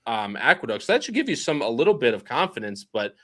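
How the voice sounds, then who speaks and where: Bright-voiced chatty male podcast host. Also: mid-range voice, big pitch swings, quick pace. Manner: chatty, laughs often, reads live chat aloud. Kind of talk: casual horse racing podcast chat.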